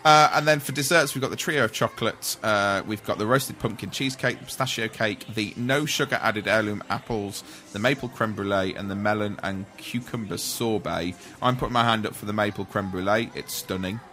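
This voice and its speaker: Bright-voiced man hosting a chat. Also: on the low side, fairly quick, hardly any pauses. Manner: chatty, reads out menu lists, laughs often. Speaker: podcast host. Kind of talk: casual chat.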